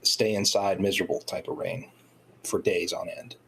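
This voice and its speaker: A man's voice: low voice, steady tone, normal speed, a bit bright, slight background noise, poor audio. A man from North Georgia, chatting casually and bluntly, with a lot of swearing. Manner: profane and blunt. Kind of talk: casual chat.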